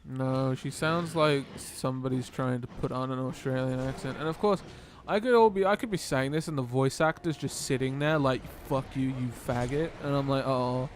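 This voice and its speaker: A man's voice: medium pitch, moderate pace, slight background noise. A man with a light British accent chatting casually while playing a co-op game, laid-back, swearing and laughing often. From Britain. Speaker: co-op gaming partner. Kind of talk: casual gameplay chat.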